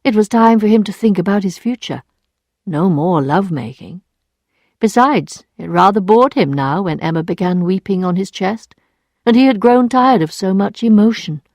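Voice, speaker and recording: Woman narrator, clear even storytelling, mid-range voice, dry close recording. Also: medium pitch, moderate pace, dry recording. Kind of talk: scripted narration for English learners.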